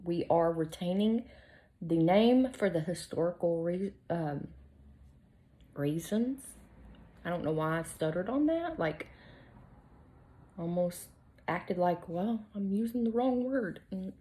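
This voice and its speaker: This beauty vlogger, a middle-aged woman, pokes fun at herself while casually doing her makeup, occasionally whispering. Her fairly low, warm voice is animated yet slow, with long pauses.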